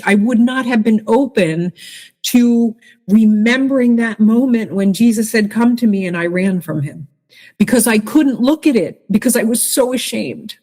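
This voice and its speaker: A woman's voice: fairly high pitch, moderate pace, a little mellow. A woman giving a personal faith testimony in an interview, earnest and emotional, often restarting her sentences. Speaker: interview guest.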